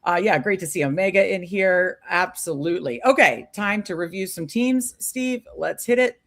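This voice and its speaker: A woman's voice: fairly low pitch, moderate pace. A woman co-hosting a live stream, chatting casually and upbeat with many fillers. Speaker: podcast co-host.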